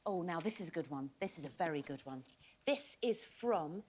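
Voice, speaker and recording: A woman's voice: on the low side, animated, normal speed, a little mellow, a little hiss or hum. A woman co-hosting a chat show, teasing her partner with mock outrage and introducing guests. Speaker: co-host of a daytime chat show. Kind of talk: comic banter and introductions. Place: studio with live audience.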